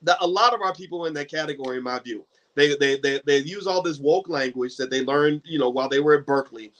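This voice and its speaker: Animated high-voiced man giving a talk. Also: fast talker. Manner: animated storytelling with repeated restarts and stammers. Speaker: host. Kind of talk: book club talk.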